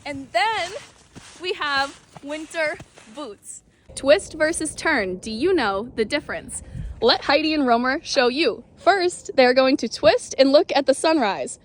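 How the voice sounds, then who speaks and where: Woman English teacher, high voice, slow clear delivery of word explanations. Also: expressive, slight background noise. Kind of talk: short English-tip reels.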